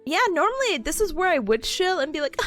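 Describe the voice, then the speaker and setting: A woman's voice: very high voice, fairly bright tone. A young woman streaming casually, playful and giggly, mocking herself as she chats to her viewers. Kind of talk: casual live-stream chat.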